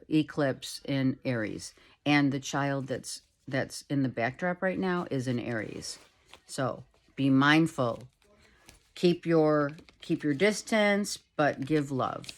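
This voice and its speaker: A middle-aged woman giving a casual tarot reading at home, talking softly and rambling, with many fillers. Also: rumbling low. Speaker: tarot reader. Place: home, with a child heard in the background.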